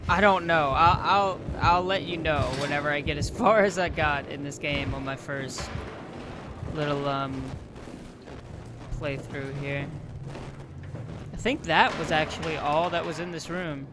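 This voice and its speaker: A man's voice: on the high side, steady tone, a little slow, pauses often, noisy background. A man casually commenting on a game, joking and rambling. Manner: rambling, joking, self-deprecating. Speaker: let's play host.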